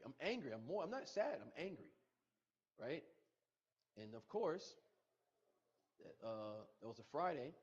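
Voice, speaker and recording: Through muffled podcast audio, a middle-aged guest tells the story of a painful loss, emotional and repetitive, quoting others' words. He speaks in a mid-range voice that's a little mellow with a breathy edge.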